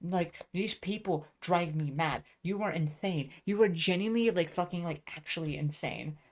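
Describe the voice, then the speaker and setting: A woman's voice: fairly low pitch, moderate pace. A woman venting in a casual, profane monologue, rambling with many fillers and restarts. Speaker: vlogger.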